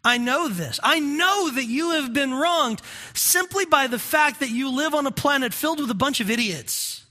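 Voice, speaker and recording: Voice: high voice, lively intonation, moderate pace, sharp tone. A pastor preaching a sermon in an earnest, conversational way, asking the congregation questions.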